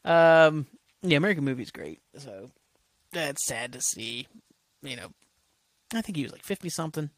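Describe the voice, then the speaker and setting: A man's voice: on the high side, lively intonation, moderate pace, long pauses, dry recording. A man hosting a solo podcast, ranting casually with constant swearing and rambling asides. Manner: profane, rambling, heated. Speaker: podcast host.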